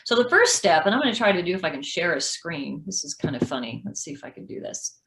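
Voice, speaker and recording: A woman in her fifties candidly telling a personal story on a video call, animated and frank. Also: lowish voice, fast talker, reverberant, poor audio. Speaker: guest speaker.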